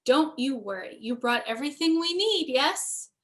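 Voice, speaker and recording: A woman's voice: high-pitched, lively intonation, moderate pace. A woman voicing a doting older grandmother in a read-aloud storybook. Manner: doting, gently reassuring. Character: warm older grandmother with a heavy accent.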